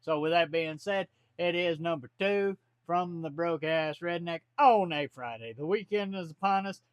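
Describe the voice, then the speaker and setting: A man's voice: fairly high pitch, moderate pace, clean tone, no room sound. A man, talking bluntly and folksily to camera from his home office. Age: 40s. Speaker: vlogger. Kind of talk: casual to-camera monologue.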